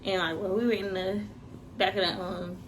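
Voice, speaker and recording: A young woman telling a personal story in a casual, animated way, jumping high for quoted voices and dropping to a hush in tense moments. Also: brisk, background noise. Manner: animated, acts out quoted voices with big pitch jumps.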